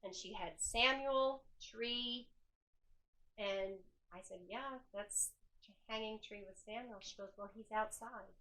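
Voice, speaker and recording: Bright-voiced woman telling ghost stories. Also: a little high, takes it slowly, rough recording. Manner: animated, acts out quoted voices. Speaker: hotel owner leading ghost hunts. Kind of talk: casual storytelling. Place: indoors in an old hotel.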